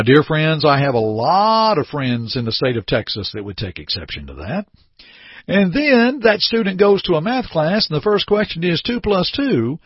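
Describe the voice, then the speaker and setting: A man's voice: on the high side, slightly rough, no echo, lo-fi sound. A man preaching an earnest radio sermon, acting out short everyday scenes to make his point. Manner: earnest, animated preaching with acted-out little scenes.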